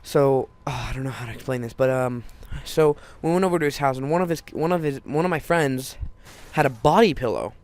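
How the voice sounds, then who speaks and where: A man's voice: medium pitch, fairly quick, few pauses. A teenage boy telling a personal story in a casual, rambling way, full of restarts and fillers.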